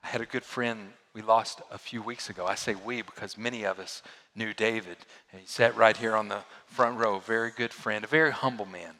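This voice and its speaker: A man preaching a sermon as a pastor, swinging from loud emphasis down to hushed, quiet lows. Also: steady tone, brisk, big-room sound.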